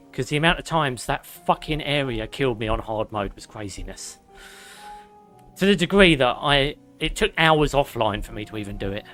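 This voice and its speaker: A man's voice: a little high, fairly bright tone. Chatty man streaming a game. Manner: chatty, swears, talks to chat. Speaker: gaming streamer. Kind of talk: casual live gameplay commentary. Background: game music.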